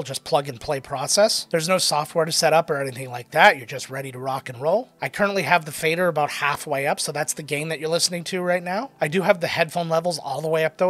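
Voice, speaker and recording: A man's voice: on the high side, a bit bright. A man reviewing audio gear in a casual, easygoing and self-deprecating way, recorded on a dynamic podcast microphone.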